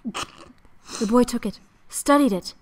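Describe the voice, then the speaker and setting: Breathy dramatic narrating woman. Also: a little high, takes it slowly. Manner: breathy, seductive reading voice. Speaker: game co-host.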